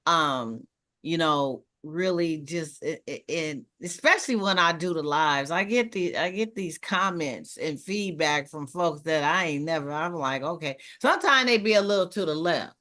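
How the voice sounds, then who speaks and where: A woman hosting a casual panel chat who talks in a lively way and acts out other people's lines in quoted voices. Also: deep voice, normal speed. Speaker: host of a talk show panel.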